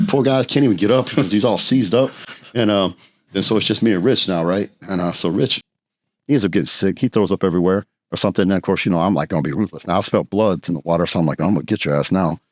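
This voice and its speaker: A man, a podcast guest telling blunt, profane stories in casual chat. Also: low-pitched. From Texas. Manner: blunt, profane, fast anecdotes. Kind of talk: casual storytelling.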